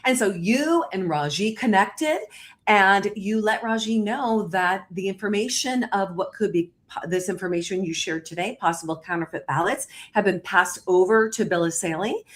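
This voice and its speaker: A woman hosting a political livestream, telling a story quickly and with energy and acting out what people said. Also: medium pitch. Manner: animated, fast storytelling with quoted exchanges. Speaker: livestream host.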